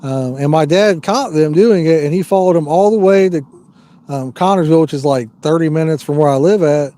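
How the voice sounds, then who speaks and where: A man's voice: on the high side, brisk, dark tone. A man hosting a live fishing stream outdoors, rambling easily and reading viewer comments aloud. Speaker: fishing livestream host. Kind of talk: casual live-stream chat.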